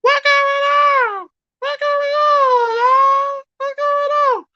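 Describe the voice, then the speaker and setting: High, slow squeaky cartoon voice, baffled, muffled mic. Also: male voice, fairly even intonation, background noise, full character voice. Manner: high squeaky exaggerated squawk.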